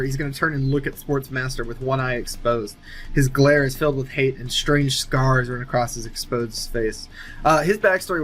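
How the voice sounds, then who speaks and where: A man talking through a made-up movie plot in a relaxed, rambling way, full of fillers, restarts and half-finished thoughts. His voice sits in an ordinary middle pitch, and now and then he lifts it a little to act out a character's line. Faint music plays underneath. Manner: rambling, thinking aloud with many fillers and restarts. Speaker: movie sequel writer. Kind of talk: casual pitch-style narration of an imagined film.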